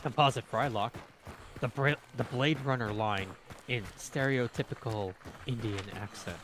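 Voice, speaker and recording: A man's voice: mid-range voice, a little slow, fairly bright tone, a little hiss or hum. A man on a live stream reading viewers' messages aloud in a plain, matter-of-fact way.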